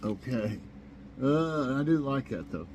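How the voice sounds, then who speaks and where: A man's voice: medium pitch, lively intonation, slow, a little mellow, lo-fi sound, a little hiss or hum. A man hosting a casual morning chat show from his kitchen, rambling and chuckling at his own jokes. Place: home kitchen.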